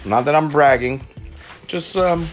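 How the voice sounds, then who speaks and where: A man's voice: fairly high pitch, unhurried, faint music behind. A man from the South Bronx hosting a casual podcast, joking and rambling with his mouth full. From South Bronx, New York. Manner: joking, self-mocking, rambling. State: talking with mouth full of potato. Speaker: podcast host, father.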